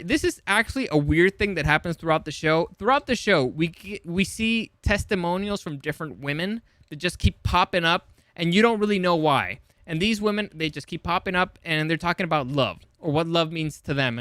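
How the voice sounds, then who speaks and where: A young adult man casually recapping a TV episode as a show host, chatty and loose, swearing and paraphrasing characters in quick asides. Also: fairly high pitch, bright, forceful tone, smooth, dry recording.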